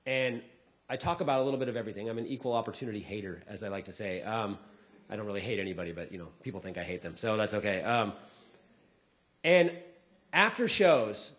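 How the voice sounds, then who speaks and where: A man, a comedian, speaking casually to a live audience, acting out people's lines with big pitch jumps and dropping low for asides. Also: fast talker. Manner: drops to a quieter, lower voice for asides. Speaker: comedian giving a talk.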